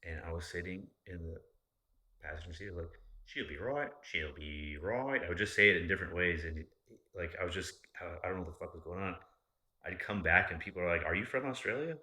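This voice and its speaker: A man with a low, deep voice that still has a forceful, bright edge. He talks casually as a podcast host, rambling and swearing freely, with an animated delivery. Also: quick pace. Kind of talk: casual chat.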